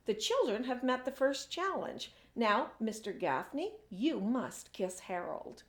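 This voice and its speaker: A woman's voice: a little high, very animated, measured pace. Woman reading as a bossy, upbeat schoolteacher. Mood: firm, upbeat. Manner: emphatic, dismissive retorts. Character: bossy cheerful female teacher. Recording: echoey room.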